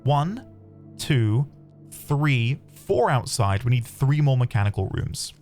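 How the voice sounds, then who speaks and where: Excitable man narrating his gameplay. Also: mid-range voice, takes it slowly. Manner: chatty, excitable, talks to viewers. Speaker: game streamer. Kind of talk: let's play commentary. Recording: faint background music.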